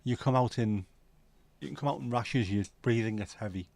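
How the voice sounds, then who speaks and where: A man hosting a relaxed livestream, bantering cheekily with viewers he addresses by name. His pitch sits in an ordinary middle range, and the sound is close and dry with no room echo. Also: moderate pace, vocal fry. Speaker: livestream host. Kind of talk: casual chat reading viewer comments.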